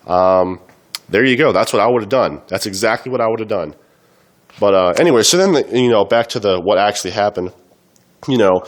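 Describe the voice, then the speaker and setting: A young man commenting casually on a video, rambling with many fillers, coughing and a little unwell. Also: fairly low pitch. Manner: rambling, loose, full of fillers. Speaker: vlogger.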